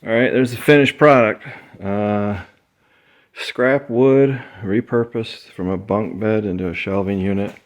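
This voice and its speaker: A man from the Midwest talks in a loose, rambling vlog style, full of fillers. He sounds tired and sweaty after work in an insulated garage, and his voice sits a little low. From American Midwest. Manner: relaxed, rambling, chatty with fillers. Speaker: eBay reseller vlogger. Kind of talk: casual vlog talk.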